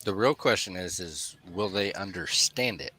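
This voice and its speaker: A man acting as dungeon master, making quick, dry rulings at the game table. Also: low-pitched, animated, bright, forceful tone, slightly rough, low-quality recording. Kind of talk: casual tabletop game chat.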